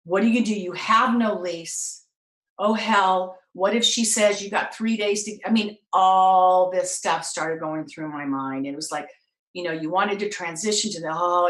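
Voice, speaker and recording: Animated woman telling a personal story. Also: on the low side. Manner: animated, acts out voices in her story. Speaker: talk show host. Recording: echoey room.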